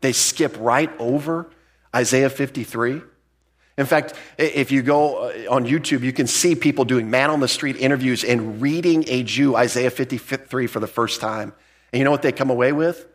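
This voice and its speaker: A man preaching a verse-by-verse sermon as a pastor, talking to the congregation in a conversational, emphatic way and often restarting his words. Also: moderate pace. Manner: jumps up in pitch to stress key points. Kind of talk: expository sermon.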